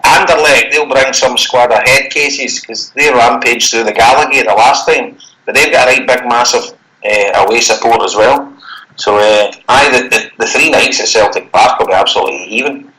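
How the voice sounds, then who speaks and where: Rough audio captures a sharp-toned, medium-pitched Scottish podcast co-host in casual football chat. He rambles, swears freely, and is quick to laugh as the conversation wanders.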